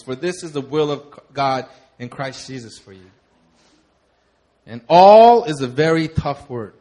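A young man preaching, his voice sitting a little higher than most men's. He speaks conversationally, moving from quiet, earnest reflection into lively, laughing stories. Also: unhurried. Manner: conversational, animated storytelling with laughter. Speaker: pastor. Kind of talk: sermon.

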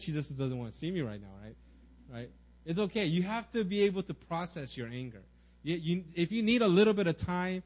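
A man's voice: on the high side, muffled recording. A man preaching a sermon in a casual, conversational way, often tagging "right?" and muttering little acted quotes. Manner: acts out small everyday quotes in muttering asides. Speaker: pastor.

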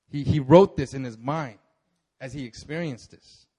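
A man preaching a sermon with animated, chatty storytelling, his voice sitting fairly high for a man. He keeps the tone conversational and acts out the people in his story. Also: fairly quick, husky. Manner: animated storytelling, acting out biblical figures with laughs. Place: church service.

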